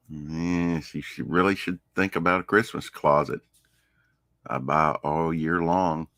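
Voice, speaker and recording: A man with a very deep, unhurried voice chats through a relaxed morning stream, now and then slipping into a low croon. The sound is dry and close, with no room around it. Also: no echo. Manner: laid-back, croons and hums between remarks. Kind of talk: casual morning stream chat.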